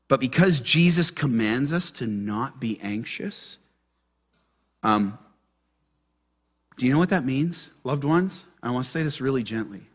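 Animated, bright-voiced male pastor. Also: mid-range voice. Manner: animated, asks the congregation questions. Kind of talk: sermon. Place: church.

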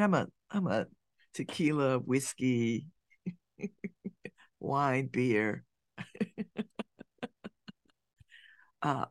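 A woman's voice: low voice, fairly bright tone, no room sound, clean studio sound. A woman radio host chatting casually and rambling, with frequent restarts and easy laughs. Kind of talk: casual chat.

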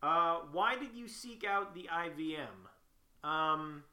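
A young man co-hosts a comedy show with a very bright, tense voice and a high-leaning pitch. His talk swings up and down as he banters and bickers. An echoey room rings around him. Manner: animated, quick to bicker. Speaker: co-host.

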